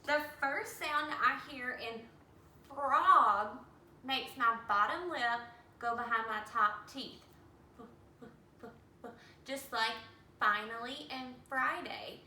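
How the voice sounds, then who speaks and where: A woman teacher with a high, bright voice gives a reading lesson to small children. She talks slowly and sounds out each letter and word. The recording is echoey, with the mic set some way off. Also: slight background noise. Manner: slow, sounds out letters and words. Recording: echoey room, mic at a distance.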